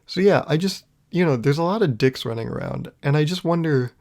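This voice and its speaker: A young man hosts a solo podcast, rambling through a casual comedic monologue and laughing at his own jokes. His voice is a little high, a touch mellow and creaky, brisk in pace, with lively intonation.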